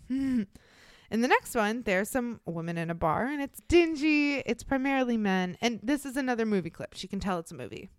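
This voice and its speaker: A young woman retells a true-crime story on her podcast in a loose, chatty way. She swears bluntly and fills her talk with "like". Her voice is clear and smooth, and the recording is close and dry. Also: on the high side, animated, moderate pace, no room sound. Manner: blunt and profane, many fillers like "like". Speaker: podcast co-host.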